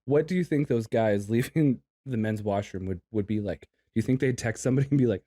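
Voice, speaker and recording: He's a laid-back guy chatting on a podcast, giggling through his stories and slipping into goofy voices. His voice sits at an ordinary middle pitch. He's recorded outdoors in a park. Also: a little fast, mellow. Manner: giggly, laughs often, jumps into silly voices. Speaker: podcast co-host. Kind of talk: casual chat.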